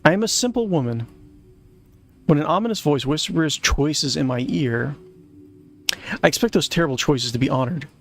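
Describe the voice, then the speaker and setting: Sardonic noble villainess lady, dry and a bit high, read out by a guy. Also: expressive, moderate pace, long pauses. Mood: indignant. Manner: dry, sardonic reading of game dialogue. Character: haughty young noble villainess woman.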